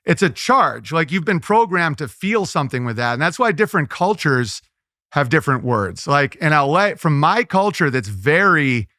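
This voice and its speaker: A male comedian talks in a loose, riffing way, full of "like" fillers and quick restarts. His voice sits a bit high and comes across bright and forceful. The recording is dry and close. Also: very animated, no room sound. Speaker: comedian guest. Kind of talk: casual interview chat.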